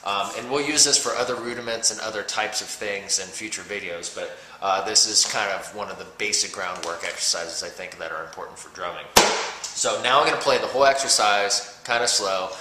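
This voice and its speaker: A man's voice: on the low side, brisk, noisy background. A man teaching a drum exercise, explaining patiently step by step and counting off beats. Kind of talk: instructional talk with count-offs. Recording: roomy with loud drum playing between talk.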